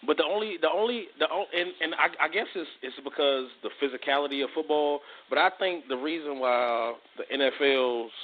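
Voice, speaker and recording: A man co-hosting a sports podcast, talking casually in a relaxed, halting way and often repeating his words. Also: a little high. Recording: phone-like narrow audio.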